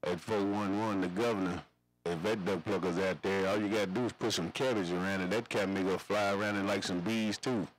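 Deep-voiced man on CB radio. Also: fairly even intonation, a little fast, slight background noise, poor audio. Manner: rambling, slangy, repetitive radio lingo. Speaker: CB radio operator. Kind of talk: CB radio chatter.

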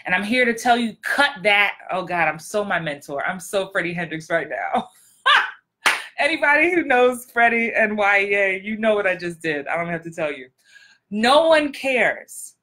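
A woman's voice: mid-range voice, big pitch swings, moderate pace, bright, forceful tone. A woman acting coach giving very direct, blunt advice in a frank, emphatic vlog talk. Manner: frank, emphatic, repeats for effect.

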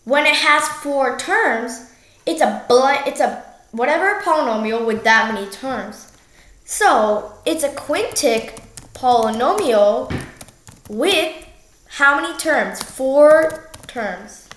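Young female tutor with a high voice and a relaxed, self-correcting delivery, recorded in a reverberant room. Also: slight background noise. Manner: slow, self-correcting, jokey. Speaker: math tutor. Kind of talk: casual math walkthrough. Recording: echoey room.

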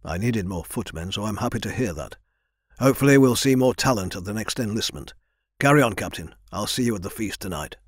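Guy doing a snooty lord, calm, in charge, dry sound. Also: on the low side, brisk, breathy edge, no room sound. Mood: lordly. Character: aloof noble lord, authoritative man.

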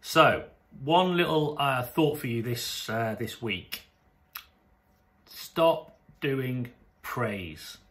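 A man with a British accent, a sports coach talking casually to camera in an animated, chatty way, often restarting his sentences. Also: mid-range voice, drawn-out words, long pauses. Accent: British English. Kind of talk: casual vlog monologue to camera.

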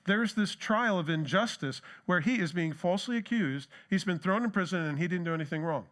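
A man's voice: high voice, lively intonation, a little fast, fairly bright tone. A middle-aged man giving a conversational sermon as pastor, asking the congregation rhetorical questions and telling anecdotes.

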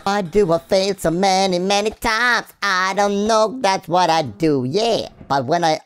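A woman's voice: fairly low pitch, measured pace, over loud music. A woman from Sweden hosting a gaming channel, giving playful Let's Play commentary full of silly rhymes and sing-song wordplay.

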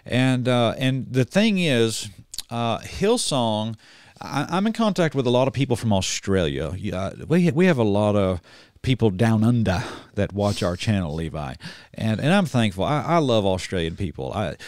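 Blunt man, low and dry. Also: sing-song, normal speed, darkish tone, no echo. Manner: folksy, blunt, with many restarts and fillers. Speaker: online preacher and commentator. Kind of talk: casual commentary reading news aloud.

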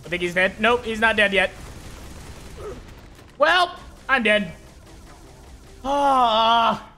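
A man streaming a video game live, talking through his play with excitable commentary and frequent swearing. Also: sits high, slow pace. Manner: excitable, swears often, shouts at enemies.

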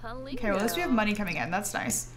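A woman's voice: mid-range voice, animated, racing, a crowd in the background. A young woman streaming a life-simulation game live, giving exasperated, joking running commentary to her chat.

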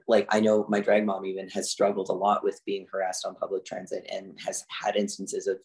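A man's voice: sits low, completely flat delivery, moderate pace. A man, a drag artist talking casually as a podcast guest, with lots of "like" fillers. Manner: chatty, filler-heavy with frequent "like". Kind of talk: casual interview talk.

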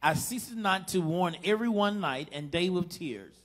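A man's voice: high-pitched, animated, moderate pace. A man reading scripture aloud in church phrase by phrase, feeding the lines to the preacher. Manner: reads phrase by phrase, prompting the preacher. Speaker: scripture reader. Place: church sanctuary.

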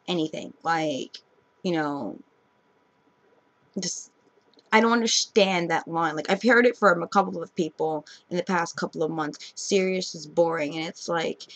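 Profane New York woman ranting late at night. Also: no room sound. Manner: sleepy, rambling and low-key. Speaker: vlogger. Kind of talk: late-night rant to camera. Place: bedroom at night.

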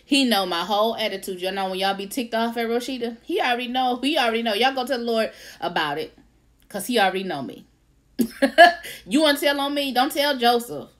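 A woman hosting a casual faith-based livestream, lively, laughing often and greeting viewers by name. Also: a little high, a little fast. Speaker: author and livestream host.

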